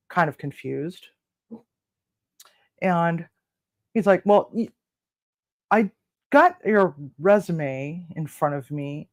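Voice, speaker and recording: A cooking channel host telling a personal story in a casual, chatty way, acting out both sides of phone calls with many fillers. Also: mid-range voice. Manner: frequent fillers and restarts.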